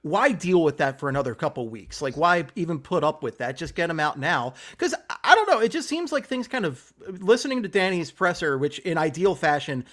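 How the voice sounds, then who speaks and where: A man co-hosting a casual sports podcast, chatty and fond of jokes. His voice sits high and swings widely in pitch. He talks with animated, playful energy. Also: brisk, few pauses. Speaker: podcast co-host. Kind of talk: casual hockey podcast chat.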